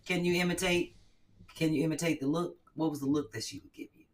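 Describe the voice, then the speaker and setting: Speaking low and quickly, a woman hosting a comedy podcast cracks crude, brash jokes and mimics nagging moms in animated voices. The casual chat is recorded on a distant mic with a bit of faint noise.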